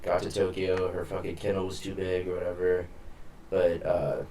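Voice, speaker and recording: A man's voice: low voice, monotone, normal speed, dark tone, a little hiss or hum. A young man chatting on a podcast, swearing freely as he tells a story and acts out the people in it. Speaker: podcast co-host. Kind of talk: casual chat.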